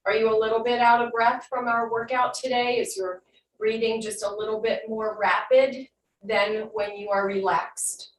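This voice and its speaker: A woman instructor guiding an online fitness class with calm cues, then leading slow breath work and affirmations. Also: a little high, recorded from a distance. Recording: echoey room, voice from off-mic, faint hum.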